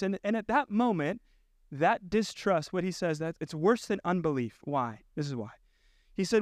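A man's voice: sits high, lively intonation, measured pace, darkish tone, no room sound, clean studio sound. A male pastor preaching a sermon, earnestly reading quoted passages aloud. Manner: earnest, reads quotes with rising intensity.

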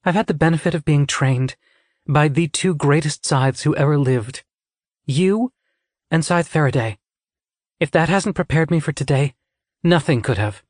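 A man's voice: fairly high pitch, normal speed, no echo, studio quality, voice pushed up, lightly acted. A man reading an audiobook, voicing a teenage girl apprentice who speaks firmly and reassuringly. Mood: resolute.

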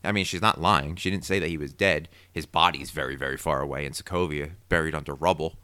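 Low-voiced man theorizing in a podcast. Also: fast talker, smooth, dry recording. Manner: opinionated, animated theorizing. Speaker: podcast co-host. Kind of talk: casual recap chat.

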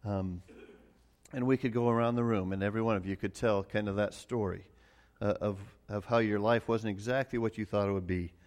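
A man's voice: fairly low pitch, steady tone, a little fast, a little mellow. A middle-aged man preaching a sermon as pastor, earnest and often repeating words as he starts a phrase.

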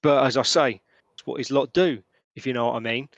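A man's voice: mid-range voice, brisk, creaky, no echo, highs cut off, natural voice. A man voicing Hamish, a shifty, pipe-smoking hooded fence at the docks, speaking in a sly, knowing way.

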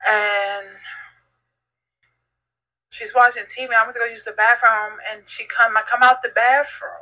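A woman's voice: fairly high pitch, little pitch movement, measured pace, sharp tone, poor audio. A middle-aged woman telling a heartfelt, reflective story in a casual chat as a podcast guest. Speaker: podcast guest, host's mother.

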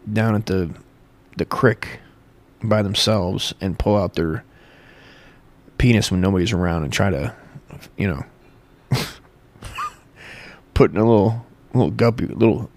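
Gravelly man in a crude comic ramble. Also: on the low side, a little mellow. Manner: crude, profane, self-correcting.

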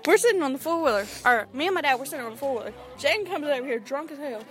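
A woman's voice: high-pitched, lively intonation, rapid-fire. A teenage girl, chatting casually outdoors at a ball game and often restarting her sentences as she rambles. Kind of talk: casual chat. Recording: music playing behind.

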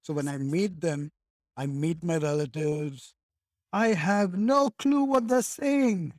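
A man's voice: a little high, takes it slowly, dry recording, studio quality. A man from India in casual conversation, thinking aloud and leaning on "like" and "right?" a lot.

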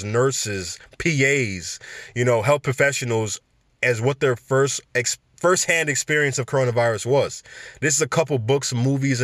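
A man's voice: medium pitch, dry recording, studio quality. Man ranting through casual news commentary. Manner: animated, slangy, rambling asides. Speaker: podcast host.

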